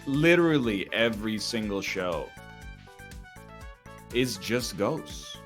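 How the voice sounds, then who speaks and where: A man with a somewhat low voice chats casually on a game stream. His commentary is dry and wry, and he reels off lists at a quick clip. Faint music plays behind him. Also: lively intonation, a bit bright. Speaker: streamer playing a farm game with his co-host. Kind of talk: casual chat while gaming.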